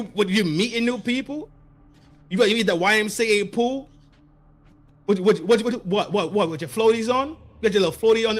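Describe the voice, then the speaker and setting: A man hosting a podcast, delivering a mocking commentary rant with rapid-fire repeated words. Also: sits high, fairly bright tone. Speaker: podcast host.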